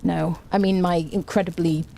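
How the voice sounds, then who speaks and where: Brief: woman game streamer, lower voice, rambling chatty banter, greets viewers one by one. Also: little pitch movement, moderate pace, gravelly, mellow, slight background noise. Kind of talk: casual live-stream chat.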